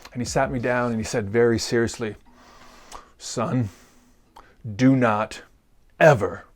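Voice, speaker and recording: Joking man teaching grammar casually. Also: medium pitch. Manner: joking, crude humor; relaxed and rambling. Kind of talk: casual video lesson.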